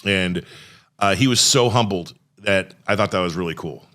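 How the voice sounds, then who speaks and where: A man with a fairly low voice hosts a podcast, chatting with his guest in a laid-back, friendly way. His talk is loose and casual, and he often drops in "man". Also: moderate pace, fairly bright tone. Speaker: podcast host. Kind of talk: casual interview chat.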